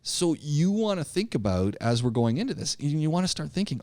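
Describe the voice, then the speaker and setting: Animated male instructor, dry close sound. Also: a little high, a little fast, no echo. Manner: animated, emphatic, repeats himself and restarts. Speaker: public speaking instructor. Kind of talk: live online class lecture.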